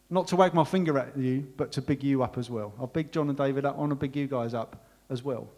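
A medium-pitched man speaks fast, hardly pausing, as the pastor preaching a sermon. He offers warm, heartfelt, emotional thanks to the congregation and leads a closing prayer.

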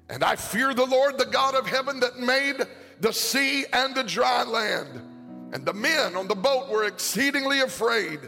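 High, gravelly preaching man. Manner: preaching cadence, sing-song and shouted peaks. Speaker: pastor. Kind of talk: sermon. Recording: long hall reverb, faint music.

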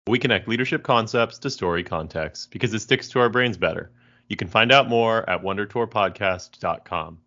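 A man's voice: on the low side, moderate pace, sharp tone, dull audio. A man co-hosting a podcast in casual, upbeat chat. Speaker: podcast co-host.

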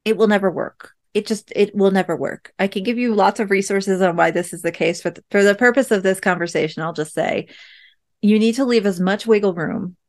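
A woman's voice: medium pitch, a little fast. Chatty woman host telling a parenting story. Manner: chatty, many "like" and "um" fillers, reflective. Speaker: podcast host and parent coach. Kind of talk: casual storytelling monologue.

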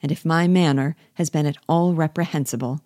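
A woman voicing a pompous, long-winded young clergyman who speaks in a formal, measured, self-important way. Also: low-pitched, fairly even intonation, warm tone, dry recording, clean studio sound, natural voice. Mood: stiff.

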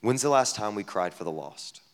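A man preaching a sermon as a pastor at a camp gathering, talking conversationally with many rhetorical questions, dropping to a hush and then rising loud. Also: on the low side, lively intonation, normal speed. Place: camp meeting hall. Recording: long hall reverb.

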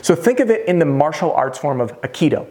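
Speaking straight to the viewer as "you," a man gives casual, direct coaching to roofing salespeople in an instructional talk to camera. His voice is fairly high, very animated, fairly quick and a little mellow.

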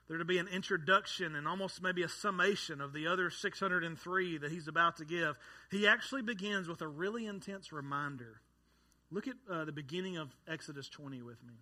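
Man in his thirties, pastor, sermon delivery, bright, slightly high voice, conversational and wry. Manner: conversational, joking asides to the congregation.

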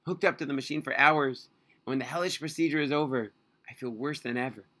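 A man's voice: medium pitch, brisk, bright, forceful tone. A man voicing a bitter, worn-down young male patient in his late twenties, in a storybook reading. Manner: bitter and weary.

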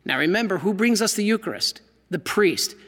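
A man preaching a sermon, reading aloud from a diary and exclaiming over it with animated emphasis. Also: sits high, moderate pace, long reverb tail. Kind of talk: Catholic sermon talk.

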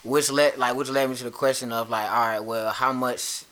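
A man co-hosting a podcast, telling a story in a rambling, halting way with many fillers. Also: mid-range voice, steady tone, bright, forceful tone. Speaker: podcast co-host. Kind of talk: casual chat.

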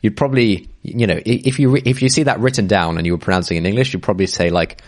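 A man co-hosting a podcast in casual chat, hesitant, full of fillers and restarts, and quick to laugh. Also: lowish voice. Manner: laughs easily. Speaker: podcast co-host.

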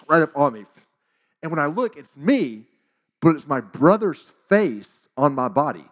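A man in his forties tells a church testimony in a casual, animated way and acts out the dialogue. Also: fairly high pitch, fairly quick. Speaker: church speaker. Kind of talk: testimony storytelling.

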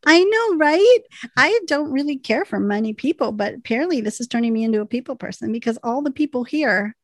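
A woman's voice: sits high, fairly quick, no echo. Chatty woman podcast co-host with a dry sound. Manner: emotional, laughing, animated. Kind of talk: casual podcast chat.

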